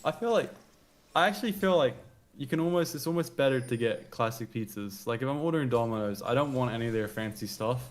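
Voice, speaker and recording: A man giving chatty, relaxed colour commentary on a live esports match, often correcting himself mid-sentence. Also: mid-range voice, fast. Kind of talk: casual co-commentary.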